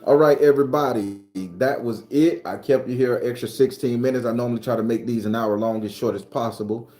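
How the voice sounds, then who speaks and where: A man's voice: mid-range voice, fairly even intonation, a little fast, dark tone. A man hosting a casual live stream, talking loosely and profanely to his viewers. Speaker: spiritual live-stream host. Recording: roomy echo, faint music behind.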